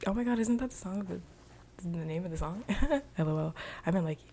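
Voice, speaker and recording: A woman's voice: on the low side, expressive, a little fast, dark tone, slight background noise. A young woman casually recapping a TV episode in a chatty, rambling way, full of "like.". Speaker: video reviewer.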